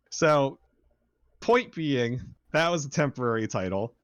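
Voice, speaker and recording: A man's voice: medium pitch, a little slow, clean tone, no echo, lo-fi sound. A man chatting casually on a live stream about his band's song, rambling and swearing freely. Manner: rambling, profane, excitable. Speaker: band member.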